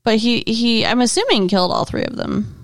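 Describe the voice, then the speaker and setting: A woman's voice: a little high, big pitch swings, brisk, dry recording. Dry-voiced woman chatting casually. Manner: casual, blunt, groans in disgust. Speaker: podcast co-host. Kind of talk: casual movie discussion.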